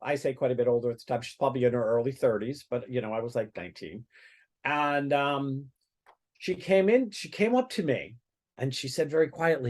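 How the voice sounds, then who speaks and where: A man's voice: medium pitch, brisk, darkish tone. A man, a psychic medium guest on a podcast, telling a personal story casually, with many fillers and restarts.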